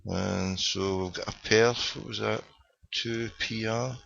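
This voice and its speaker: Here the Glasgow-accented Scotsman sounds fairly low and creaky, a bit bright, steady in tone and slow in pace, with no room sound. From a parked car, he hosts his internet show with rowdy, rambling, joke-filled call-in banter. Audio quality is that of a dull, lo-fi webcast.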